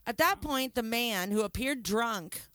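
Animated woman reading odd news stories. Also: fairly high pitch, measured pace, no room sound. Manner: laughing, reads headlines and riffs. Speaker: podcast co-host reading news. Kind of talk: casual comedic news reading.

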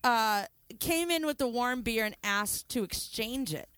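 Animated woman reading odd news stories. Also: a little high, a little slow, clear, resonant tone, no echo. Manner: laughing, reads headlines and riffs. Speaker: podcast co-host reading news. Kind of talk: casual comedic news reading.

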